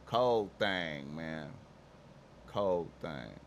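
A man talking on his own in a casual, slangy monologue, swearing, repeating phrases and now and then shouting in voices he mimics. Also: mid-range voice, expressive, takes it slowly. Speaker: commentator.

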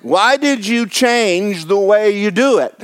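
A man preaching a sermon to his congregation. He reads and acts out scripture, fires questions at the crowd, and swings between low asides and loud exclamations. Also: animated, slow, clean tone. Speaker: pastor.

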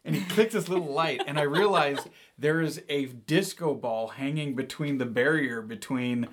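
A man in his thirties, a podcast co-host, telling a long story casually, animated and full of "like". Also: medium pitch, normal speed. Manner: animated, rambling with lots of "like".

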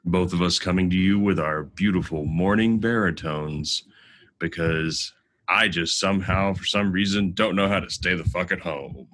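A man's voice: sits low, normal speed, a bit bright. A man from Galveston co-hosting a podcast, chatting casually while traveling, swearing freely and laughing often. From Galveston, Texas. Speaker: podcast co-host. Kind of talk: casual chat. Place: rented apartment while traveling.

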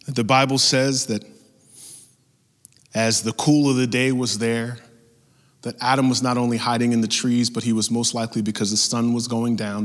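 A man's voice: medium pitch, a bit bright. A man preaching a sermon as pastor, emphatic and building with repeated phrases. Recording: long reverb from a large hall.

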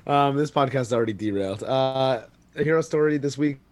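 A man's voice: medium pitch, brisk, dry recording. A man hosting a podcast in casual chat, joking and rambling with a self-mocking tone. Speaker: podcast host.

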